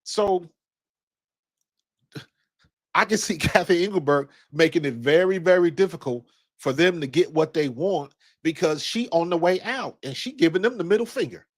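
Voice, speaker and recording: A man's voice: fairly high pitch, normal speed. A man in his fifties, raised in Ohio, giving casual basketball commentary in a blunt, slangy, rambling way with some profanity. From Ohio, USA. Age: 50s. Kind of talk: casual commentary with personal storytelling.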